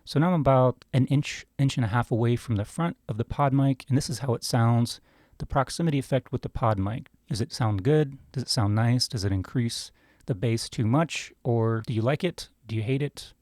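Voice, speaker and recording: A man's voice: medium pitch, moderate pace, darkish tone, no echo. A man casually demonstrating microphones, talking close between two broadcast mics at his desk in a chatty, self-deprecating way and putting questions to the listener. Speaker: microphone reviewer. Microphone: talking close between two broadcast dynamic mics.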